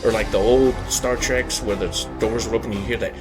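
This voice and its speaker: A man hosting a podcast, telling a personal paranormal story in an earnest, halting way, often circling back to rephrase himself. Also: on the low side, fairly even intonation. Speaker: podcast host. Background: background music.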